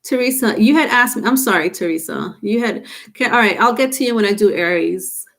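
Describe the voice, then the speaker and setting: A woman's voice: on the high side, lively intonation, fairly quick, fairly bright tone. Chatty woman reading tarot live. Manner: chatty, answers viewers by name. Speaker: tarot reader.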